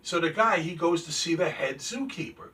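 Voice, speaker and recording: A show host tells corny jokes and shows off collectibles in a folksy, chatty way. His voice is fairly high for a man, animated, pushed and bright, at a normal speed. He sounds a little distant from the microphone.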